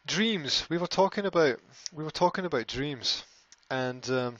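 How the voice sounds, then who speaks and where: A man's voice: a little high, expressive, normal speed, fairly bright tone, no room sound. Rambling man on a dull live stream. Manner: rambling, repeats words, reads out viewer comments. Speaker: language school host answering live chat. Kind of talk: casual live-stream chat.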